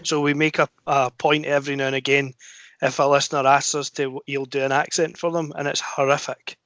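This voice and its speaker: A man's voice: mid-range voice, little pitch movement, fairly quick, fairly bright tone, no echo. A man co-hosting a podcast, chatting casually and mocking his friends. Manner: mocking, banter. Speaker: podcast co-host. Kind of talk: casual chat.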